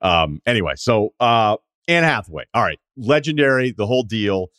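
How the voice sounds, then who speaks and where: A man hosting a podcast interview, talking in a lively, animated casual way. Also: fairly low pitch, normal speed, no echo, studio quality. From Boston. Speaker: podcast host.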